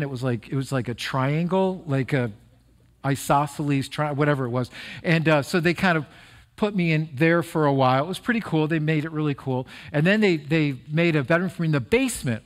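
A middle-aged male pastor giving a conversational, earnest sermon that turns emotional during personal stories. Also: on the high side.

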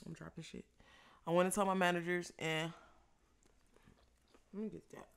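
A young woman casually telling a story while eating, animated and profane, laughing often. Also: fairly low pitch, normal speed, creaky, clear, resonant tone. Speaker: vlogger.

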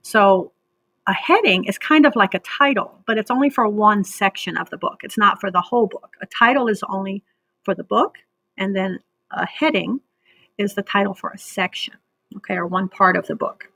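Patient woman teacher with a gravelly, husky voice. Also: mid-range voice, expressive, pushed and bright, no echo. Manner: patient, slow and clear, drawing out words for syllable clapping. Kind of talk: read-aloud reading lesson for children.

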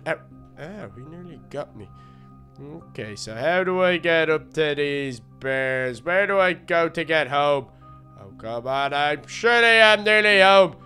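A silly, excitable little baby duck, as a man puts him on, chattering to himself in a high, bright, clean voice. He rambles on nervously through a game role-play. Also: smooth. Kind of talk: Minecraft role-play narration.

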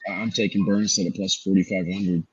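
A man co-hosting a sports podcast, talking through his betting picks in a measured, analytical way. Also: deep voice, flat delivery, husky, dry recording, muffled recording. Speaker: co-host.

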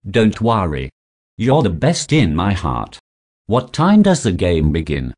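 A man reading simple scripted practice dialogues in a slow, even textbook delivery. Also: low-pitched. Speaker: dialogue reader for English practice.

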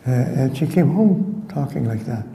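An older man from Canada, a community elder, giving an unhurried, reflective talk with frequent restarts, recorded in a lecture hall. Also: mid-range voice, animated, gravelly, dark tone.

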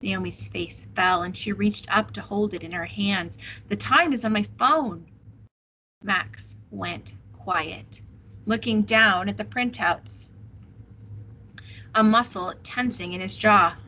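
Bright-voiced woman reading a novel aloud. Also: medium pitch, fairly even intonation, slow, husky, poor audio. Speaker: teacher.

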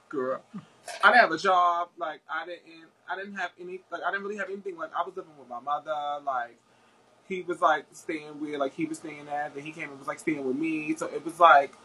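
A man's voice: on the high side, fairly even intonation, moderate pace, sharp tone, slightly rough, low-quality recording. A man chatting as a guest, telling a story in a rambling way with many fillers and restarts. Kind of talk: casual chat.

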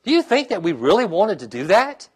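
High-voiced man preaching a sermon. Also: sing-song, fairly quick, husky. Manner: preaching with call-and-response, asking the congregation "okay?" and "amen?"; turns quiet and heartfelt when sharing his own trials. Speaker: pastor.

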